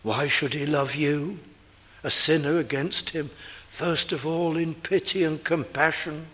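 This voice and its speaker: A male preacher delivers a sermon in a slow, deliberate cadence, his voice set a little higher than most men's. He swings from fervent, ringing peaks down to low, hushed phrases. A long reverb from the large hall trails after each line. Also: steady tone. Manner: impassioned, rising to fervent peaks then dropping low and hushed.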